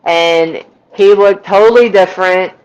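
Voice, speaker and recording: A woman's voice: medium pitch, measured pace, clean tone, dull audio. A middle-aged woman from Missouri, a podcast guest telling her testimony and acting out the people she quotes. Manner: lively retelling with quoted voices. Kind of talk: storytelling testimony.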